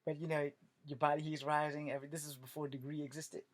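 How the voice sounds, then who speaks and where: A man telling comic stories straight to camera in an animated, joking way, with a lot of cursing. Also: fairly high pitch, quick pace. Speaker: vlogger. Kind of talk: comedic storytelling rant.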